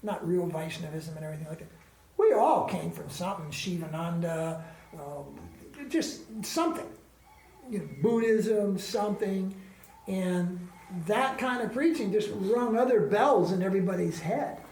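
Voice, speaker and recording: A man's voice: high voice, normal speed, a little mellow, a little hiss or hum. Male spiritual teacher, conversational and emphatic, roomy echo. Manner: emphatic, conversational, full of rhetorical questions. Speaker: swami teaching a class. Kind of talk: informal spiritual class talk. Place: ashram classroom.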